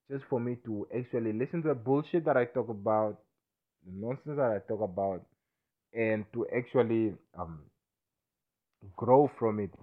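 A man rambling through a self-recorded monologue while intoxicated, stammering, restarting and asking whether you understand him. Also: fairly low pitch. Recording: tinny phone-like sound.

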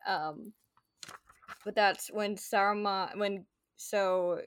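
A woman's voice: medium pitch, steady tone, very slow, clear, resonant tone. A woman co-hosting a podcast in casual chat, talking loosely with lots of filler words and playful paraphrases. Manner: chatty, heavy on "like" fillers, paraphrases characters playfully. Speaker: podcast co-host.

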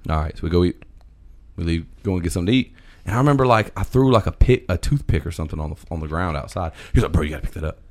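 Very deep-voiced man telling a story. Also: racing. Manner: animated, swears, quotes friends. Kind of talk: casual chat, storytelling.

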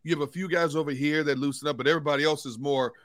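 A man's voice: fairly high pitch, fairly even intonation, rapid-fire, dry recording, studio quality. A man hosting a sports talk show, telling locker-room stories and laughing through them. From United States. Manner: storytelling, laughing through anecdotes.

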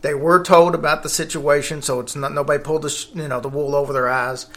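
Guy hosting a chatty podcast, bright kinda high voice, lots of uh and restarts. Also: fairly even intonation, fast talker. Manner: rambling, with fillers and self-corrections. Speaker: podcast host. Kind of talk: casual podcast chat.

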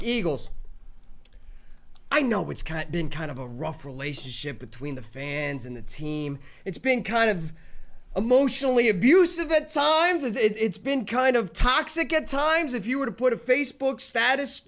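A man's voice: sits high, expressive, normal speed, a bit bright. A man hosting a sports podcast, talking emphatically, repeating himself and teasing rivals in a mock-sweet tone. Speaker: podcast host. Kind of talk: sports talk podcast rant.

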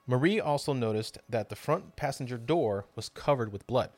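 A man's voice: mid-range voice, animated, normal speed, a little mellow, dry recording, soft background music. A man hosting a podcast, narrating a true crime story with drama and casual swearing. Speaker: podcast host.

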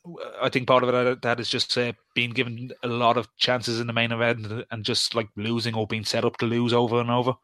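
A man's voice: mid-range voice, completely flat delivery, brisk, few pauses, a bit bright, no room sound. Hesitant man chatting, dry sound. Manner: hesitant, many fillers and restarts. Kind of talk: casual podcast chat about wrestling.

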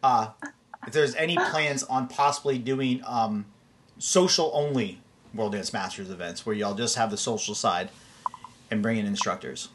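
A man's voice: on the low side, moderate pace, a bit bright, a little hiss or hum. A man hosting a live chat, reading out viewer questions in an upbeat way. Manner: upbeat, apologetic about names. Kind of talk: casual live stream hosting.

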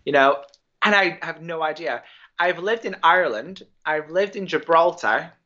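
A man's voice: on the high side, animated, moderate pace, sharp tone, lo-fi sound. A young man from England with a hard-to-place mixed accent, a guest chatting casually and jokingly, rambling with lots of fillers. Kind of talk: casual podcast chat.

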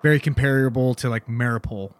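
A man's voice: medium pitch, steady tone, a little fast, dry recording. Rambling man telling a story. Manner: rambling, peppered with "you know what I mean". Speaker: paramedic. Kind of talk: casual storytelling.

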